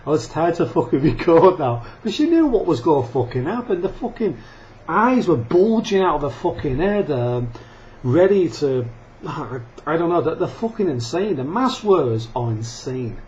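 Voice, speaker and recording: A man's voice: on the high side, big pitch swings, normal speed, darkish tone. A man ranting angrily into the camera, swearing often, laughing and coughing between rants. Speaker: vlogger. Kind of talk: profane ranting monologue. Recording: dull lo-fi sound with faint noise.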